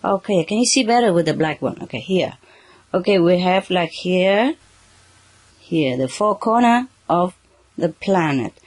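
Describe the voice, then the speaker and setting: A spiritual teacher addressing a live audience under spotlights, speaking halting, non-native English and often checking in with "okay" and "huh". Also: mid-range voice, expressive, dry recording. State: slightly emotional at moments. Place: under bright spotlights, indoors.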